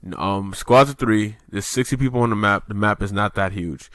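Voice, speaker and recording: A man's voice: on the low side, normal speed, a bit bright, no echo, clean studio sound. A man co-hosting a podcast in loose casual chat, rambling with lots of fillers and swearing. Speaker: podcast co-host.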